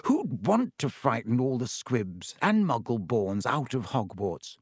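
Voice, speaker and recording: A man voicing a clever, earnest schoolgirl who speaks quietly and cautiously, growing impatient. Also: mid-range voice, very animated, a little slow, slightly rough, no room sound, clean studio sound, heavily acted.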